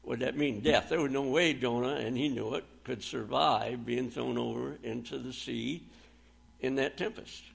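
A man's voice: mid-range voice, normal speed, gravelly, husky. A man preaching a sermon, reading scripture aloud and retelling Bible stories with plain, folksy phrasing and a few fillers.

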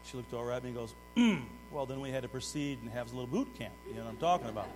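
A middle-aged man preaching a sermon, swinging between loud urgent exhortation and hushed asides while putting direct questions to the congregation. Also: mid-range voice, very fast, a crowd in the background. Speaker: pastor. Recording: long hall reverb with mains hum.

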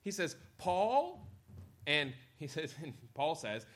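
A man preaching a sermon as a pastor, lively and animated, acting out sarcastic quotes and reading scripture aloud. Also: on the high side, normal speed.

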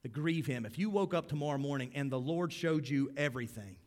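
A man preaching a sermon as pastor, swinging between loud emphasis and hushed, low lines. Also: fairly quick. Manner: acts out grumbling crowd voices in quotes.

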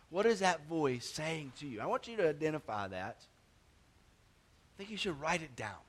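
A male pastor preaching a sermon, swinging between loud emphatic stretches and quiet low asides, often repeating words and restarting phrases.

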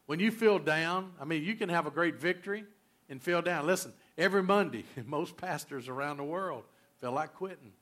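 A male pastor preaching a sermon, emphatic and repetitive, swinging between loud and quiet. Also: a little high, normal speed.

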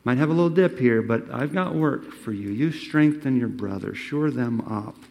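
Preaching man, dramatic swings in loudness. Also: medium pitch, normal speed, gravelly. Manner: acts out quoted lines, swings from loud to hushed. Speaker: pastor. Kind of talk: sermon.

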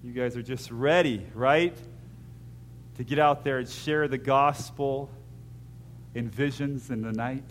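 A man preaching a sermon as pastor, moving between hushed, intimate lines and loud acted-out scenes, with jokey asides. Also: mid-range voice, a little slow, pauses often, slight background noise.

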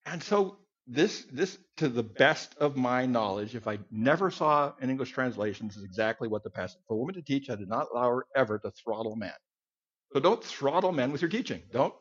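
A man's voice: medium pitch, breathy edge. A man teaching a Bible passage to a group in a conversational, folksy sermon style with asides. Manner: conversational, folksy, with asides and sudden loud outbursts. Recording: dull lo-fi recording.

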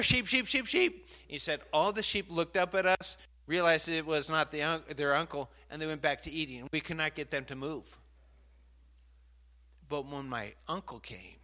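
Bright-toned animated preacher man. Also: on the high side. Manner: animated, rising to emphatic outbursts; pauses mid-talk to sort out slides. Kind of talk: sermon.

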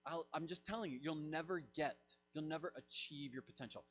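A man preaching a sermon as pastor, swinging from loud emphatic lines to soft low asides. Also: brisk, few pauses.

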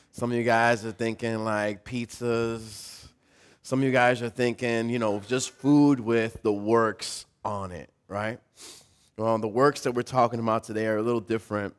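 A man in his thirties, a pastor preaching a sermon in a casual, storytelling way with light self-deprecating humor. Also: on the low side.

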